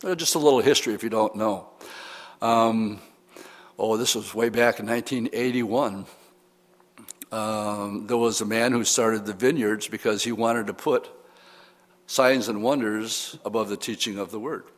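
A man's voice: lowish voice, steady tone, a little slow. An older man preaching an expository sermon as pastor, talking conversationally with light humorous asides. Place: church sanctuary. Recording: reverberant church hall.

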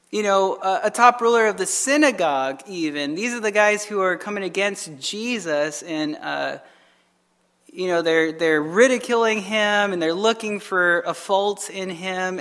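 A man, a pastor, reads scripture aloud and then comments on it in a relaxed, conversational Bible study. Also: high-pitched. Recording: long reverb of a hall.

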